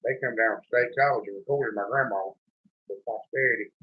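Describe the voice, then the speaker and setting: A man's voice: mid-range voice, a little fast. A man with a thick rural North Carolina accent, chatting in a folksy, drawling way as the host of a homesteading show. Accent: Southern US, North Carolina. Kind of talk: casual chat. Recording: dull lo-fi sound.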